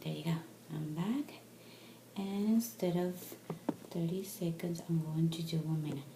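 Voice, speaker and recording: A woman with a low voice speaks at normal speed, vlogging casually at home into a camera mic. She's chatty and exasperated, ranting in a casual product vlog recorded in an echoey room with background noise.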